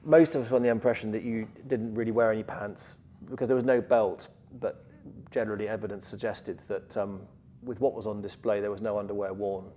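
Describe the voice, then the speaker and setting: Quick-talking podcast host guy, low mellow voice, jokey and teasing. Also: level tone, slight background noise. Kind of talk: casual interview chat.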